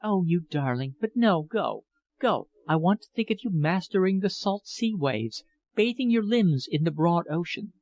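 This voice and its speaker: A man's voice: sits high, animated, moderate pace, a little mellow, voice pushed up. A man reading aloud, voicing a gushing, affected governess of about forty who speaks with an extravagant French accent. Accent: put-on French accent. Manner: extravagant, breathy, theatrical.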